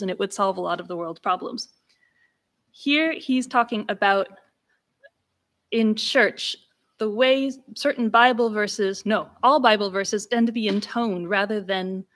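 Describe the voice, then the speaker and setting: A woman's voice: mid-range voice, fairly bright tone. A woman lecturer giving an academic lecture at a symposium, explaining things step by step with small restarts and asides. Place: symposium venue.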